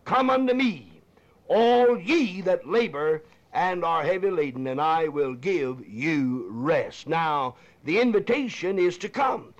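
A high-voiced man preaches an old-time sermon with fervent emphasis, repeating key phrases and dropping suddenly to a hush. The recording sounds dull and lo-fi, like an old archival tape. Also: expressive, slow pace. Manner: emphatic, repeats phrases, swings from loud to hushed.

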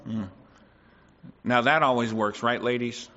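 A man's voice: mid-range voice, unhurried, bright, forceful tone, highs cut off. A man preaching a sermon to a congregation, often asking them for agreement and acting out quoted voices.

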